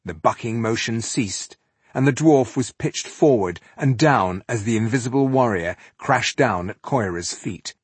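A male audiobook narrator with a husky, slightly breathy voice reads a fantasy epic in a measured, dramatic way. The recording is dry and close, with no room sound. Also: medium pitch, lively intonation, no echo.

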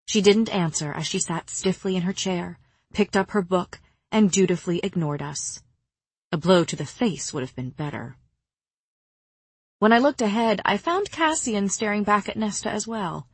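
A woman narrating a fantasy audiobook in the first person, reading in a measured, expressive way on a close mic. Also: lowish voice, slightly rough, no room sound.

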